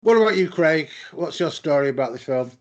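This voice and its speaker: A man's voice: on the high side, expressive, brisk, highs cut off. A man hosting a podcast, asking the others questions and adding dry, sarcastic quips. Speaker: podcast host. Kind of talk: casual chat.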